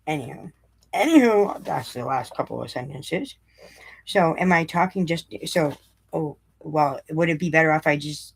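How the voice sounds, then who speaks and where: A low, gravelly woman's voice with a husky edge reads a recovery meditation aloud. She keeps breaking off into blunt, sarcastic commentary, then slows to repeat key lines for emphasis. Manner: sarcastic, blunt, rambling asides. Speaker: vlogger reading a daily recovery meditation.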